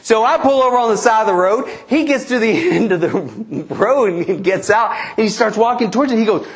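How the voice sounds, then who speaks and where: Lively, high-voiced storytelling man. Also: fast talker, hardly any pauses. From eastern New Mexico. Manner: animated, laughs at his own story, acts out quoted voices. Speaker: conference speaker. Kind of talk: humorous storytelling keynote. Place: convention presentation.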